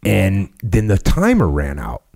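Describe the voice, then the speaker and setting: A man with a very low, mellow voice tells a story in easygoing podcast chat. He talks casually and repeats words when he gets excited. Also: measured pace, vocal fry, slightly rough. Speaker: podcast host.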